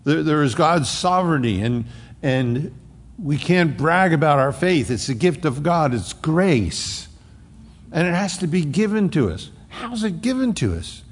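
A male pastor preaching a sermon. He swings between emphatic, rising outbursts and hushed, low asides. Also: very animated, measured pace, breathy edge. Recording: long reverb of a large hall.

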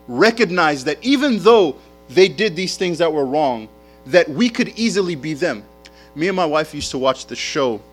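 A man preaching a sermon as a pastor, telling stories in an animated way with casual slang. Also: a little high.

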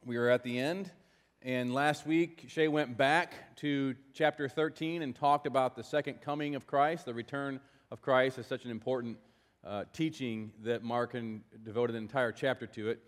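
A man preaches a sermon in a relaxed, explanatory way, dropping asides to his listeners as he teaches. His voice sits in an ordinary middle pitch. The sound carries a long reverb from a large hall. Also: moderate pace. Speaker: pastor.

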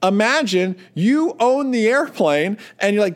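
A man with a notably high speaking voice talks to other flight instructors in a loose, conversational way. He mixes advice with stories from his own teaching and briefly mimics the students he quotes. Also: moderate pace, hardly any pauses. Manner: storytelling, acts out quoted students. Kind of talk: casual teaching talk.

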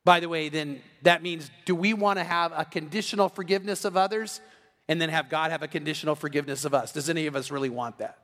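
High-voiced pastor preaching in a reverberant hall. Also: male voice, fairly even intonation, fast talker, fairly bright tone. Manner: candid storytelling, acting out his own inner voice. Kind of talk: sermon. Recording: long reverb of a church hall.

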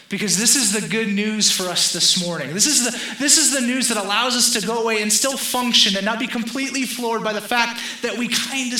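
A man's voice: high-pitched, sharp tone, echoey room, low-quality recording. A young man preaching a sermon in a conversational style, joking with the congregation. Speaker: pastor.

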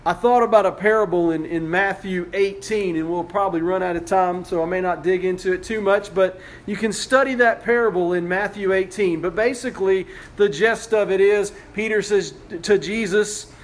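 A man's voice: high voice, steady tone, normal speed, few pauses. A male pastor preaching a sermon, retelling a story conversationally with frequent restarts.

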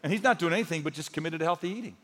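A man with a fairly high voice preaches in a large church, his words ringing through a long hall reverb. He talks to the crowd like a friend, telling stories with humor, then pushes his points home with rising force. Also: very fast, fairly bright tone. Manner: conversational, storytelling with humor, rises to emphatic. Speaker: pastor. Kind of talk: sermon.

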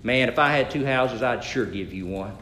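A man's voice: medium pitch, moderate pace, sharp tone, slight background noise, pitched below the performer's own voice, lightly acted. A man voicing a poor old man sitting on a porch, a stubborn and stingy fellow, in a folksy drawl within a joke. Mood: protesting.

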